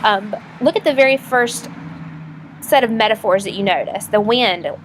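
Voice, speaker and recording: A woman teacher explaining a lesson for a recorded video in a casual, chatty way, often pausing with fillers and restarting her sentences. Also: mid-range voice, noisy background. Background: passing trucks.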